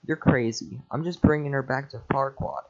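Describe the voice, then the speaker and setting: A man voicing a gruff, awkward male ogre, hesitant and stumbling over his words in a casual reading. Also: medium pitch, normal speed, lightly acted. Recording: lo-fi home mic.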